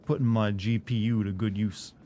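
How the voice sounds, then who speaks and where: A man's voice: fairly low pitch, steady tone, moderate pace, warm tone, a little hiss or hum. A man casually commenting as he plays a game on stream, rambling and cracking crude jokes to his chat.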